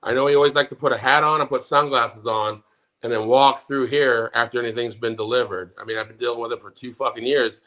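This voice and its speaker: Bright-voiced middle-aged man ranting. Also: medium pitch, steady tone, fast. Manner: angry, profane ranting. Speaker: podcast co-host. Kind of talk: profane casual chat.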